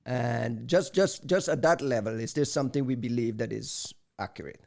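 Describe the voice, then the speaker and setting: A man's voice: medium pitch, normal speed, gravelly, darkish tone. A man hosting a podcast, introducing topics and posing questions to his co-hosts. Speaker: podcast host. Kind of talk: casual chat.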